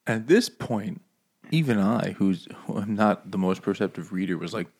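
A man's voice: on the low side, normal speed, darkish tone, slightly rough. A man co-hosting a casual book-club podcast, joking around with self-deprecating remarks. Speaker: podcast co-host.

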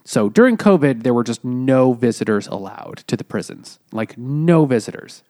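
A man's voice: medium pitch, moderate pace, no room sound. Man chatting in a dry, close sound. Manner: animated, sarcastic storyteller. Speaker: podcast co-host. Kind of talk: casual chat.

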